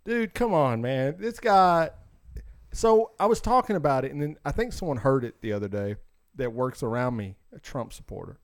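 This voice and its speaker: Young male co-host, animated ranter, acts out quotes, lively pitch. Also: normal speed. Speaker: podcast co-host. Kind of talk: casual podcast banter.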